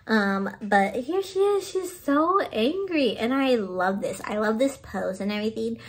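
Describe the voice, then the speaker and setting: A woman chatting to her phone camera at home, gushing and excited as she shows off her birthday haul, laughing often. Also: medium pitch, normal speed. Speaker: vlogger showing a birthday haul. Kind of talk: casual chat to camera.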